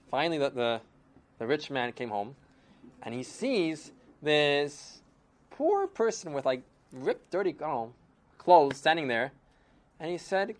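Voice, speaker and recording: A woman telling a folk tale with lively expression, using Yiddish and Hebrew terms. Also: deep voice, measured pace, pauses often. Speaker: storyteller. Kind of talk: animated storytelling.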